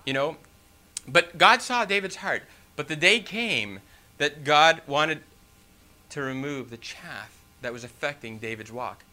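A man's voice: a little high, lively intonation, a little slow, pushed and bright. A man preaching a sermon, reading scripture and then explaining it with rhetorical questions and folksy "you know" asides.

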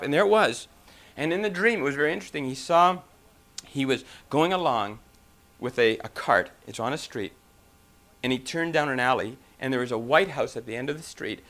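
A man's voice: mid-range voice, fairly bright tone. A man preaching a sermon, talking emphatically with rhetorical questions and a few restarts.

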